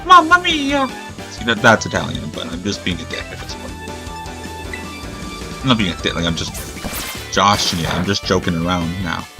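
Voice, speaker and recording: Over background music, a low-voiced man speaks at a moderate pace with long pauses. He's a gamer doing relaxed let's-play commentary, rambling, musing aloud, and doubting himself as he goes.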